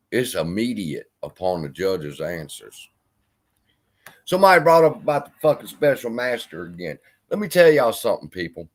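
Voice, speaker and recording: A man hosting a livestream, ranting in an angry, profane, heated way. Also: medium pitch. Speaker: livestream host. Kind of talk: unscripted livestream rant.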